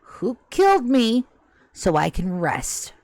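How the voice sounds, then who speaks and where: A woman's voice: on the high side, huge pitch swings, slow, darkish tone, dry recording, exaggerated voice. A woman voicing a centuries-old ghost who is stuck and anxious, stammering and rambling as she begs for help during a tabletop game. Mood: flustered. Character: restless centuries-old ghost, pleading and flustered. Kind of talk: tabletop game role-play.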